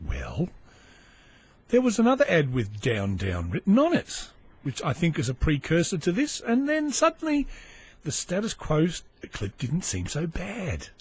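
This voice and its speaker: Sardonic Australian man with a husky voice. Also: on the high side, a little slow. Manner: sardonic, swearing, animated asides. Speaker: podcast host. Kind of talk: casual solo podcast rant.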